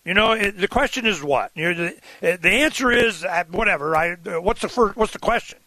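A male radio host talks in a rambling, irreverent way. His voice sits high and sounds bright and forceful, with a dry, close sound and no room echo. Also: animated, fairly quick. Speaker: radio talk show host. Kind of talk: casual talk radio conversation.

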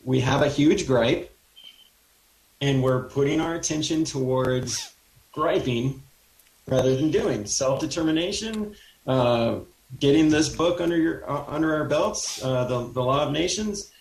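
A man speaking as a guest on a talk radio show, halting and hesitant, often starting over mid-sentence. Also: on the high side, gravelly, echoey room, slight background noise, low-quality recording. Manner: halting, hesitant, many restarts. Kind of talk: casual talk radio conversation.

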